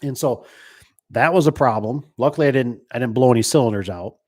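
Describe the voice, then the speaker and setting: A man's voice: medium pitch, brisk. A middle-aged man who runs a garage door business, chatting casually about trucks in a rambling way, full of restarts and acted-out quotes. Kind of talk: casual chat.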